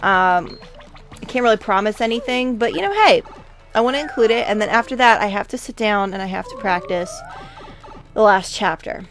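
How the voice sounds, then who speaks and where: A woman's voice: medium pitch, moderate pace, faint music behind. Chatty woman narrating a game playthrough. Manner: chatty, rambling, with many asides. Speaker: let's play host. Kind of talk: casual game commentary.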